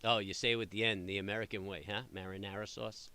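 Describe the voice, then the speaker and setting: A middle-aged man talks casually and animatedly, rambling from story to story. His voice sits a little low but sounds bright and forward. He leans on plenty of ums and restarts as he goes. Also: level tone, quick pace, clear, resonant tone. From New York area. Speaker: trading channel host. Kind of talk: casual chat answering live viewers.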